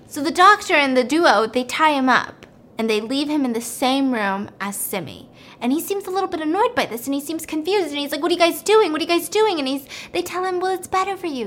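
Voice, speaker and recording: A young woman with a high, light voice tells a film's plot in an animated, casual way. She jumps into the characters' lines with little put-on voices and sinks to a hushed whisper for the threatening parts. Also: brisk. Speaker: storyteller recapping a film plot.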